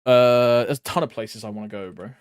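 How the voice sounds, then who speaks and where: A man's voice: mid-range voice, a little fast, clear, resonant tone, no room sound, clean studio sound. A young man streaming a game, chatting casually in a rambling way, laughing often and calling his viewers bro. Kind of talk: casual chat while gaming.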